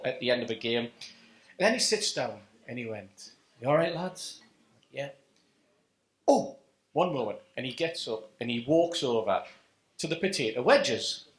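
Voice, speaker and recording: A man telling an animated anecdote at a live fan event, acting out the dialogue. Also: medium pitch. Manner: animated storyteller, acts out quoted dialogue. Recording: echoey event room.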